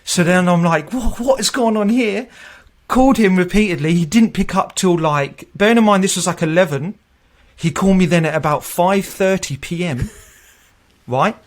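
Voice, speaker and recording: A man's voice: sits high, normal speed, hardly any pauses. A man in his thirties, a tech recruiter being interviewed, telling stories in a loose, chatty way and often laughing and acting out what people said. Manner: chatty, laughs often, acts out quoted voices. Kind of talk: casual interview storytelling.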